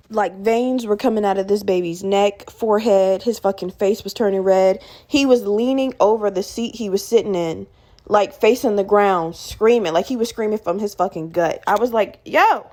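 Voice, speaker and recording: A young woman hosting a podcast, telling a story casually with lots of swearing and acting out other people in raised voices. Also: mid-range voice. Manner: animated, profane, acts out quoted people in raised voices. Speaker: podcast host.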